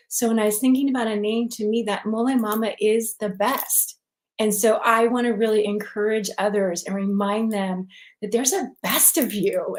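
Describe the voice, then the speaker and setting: A middle-aged woman, a guest in an interview, telling her story in a lively, expressive way, laughing often and mixing in Spanish words. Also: mid-range voice. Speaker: guest, recipe website founder.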